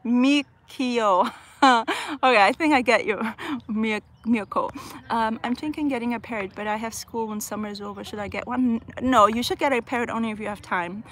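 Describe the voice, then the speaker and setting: A woman's voice: a little high, a little fast, fairly bright tone. A young woman hosting a casual live chat, reading viewer comments aloud and answering chattily, laughing often. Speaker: livestream host answering viewer questions.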